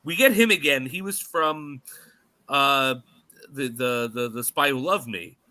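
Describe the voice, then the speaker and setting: A man's voice: medium pitch, a little slow. A man co-hosting a podcast, recapping a movie in casual chat, laughing often and acting out scenes. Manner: animated, laughs often, acts out scenes in silly voices. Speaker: podcast co-host.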